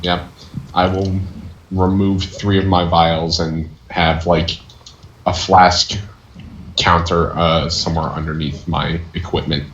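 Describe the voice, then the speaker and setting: A man's voice: low-pitched, little pitch movement, slow, a bit bright. A man playing a tabletop game, talking in a laid-back, joking way. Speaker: player. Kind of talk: casual tabletop game play. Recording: roomy, dull lo-fi with mic noise.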